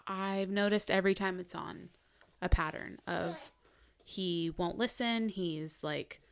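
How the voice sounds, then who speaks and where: A woman's voice: fairly low pitch, fairly even intonation, slow, clear, resonant tone. A young adult woman co-hosting a podcast, talking in a chatty casual way full of "like" and "um". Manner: chatty, lots of "like" and "um". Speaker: podcast co-host, mother. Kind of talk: casual chat.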